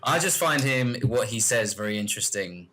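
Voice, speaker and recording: A man's voice: mid-range voice, expressive, moderate pace, a bit bright, a little hiss or hum. A man co-hosting a comedy podcast, chatting casually with dry one-line quips and frequent laughter. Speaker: podcast co-host.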